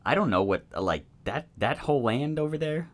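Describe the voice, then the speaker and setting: A man's voice: medium pitch, lively intonation, moderate pace, no room sound. A young man in casual chat, skeptical and stubborn but playful.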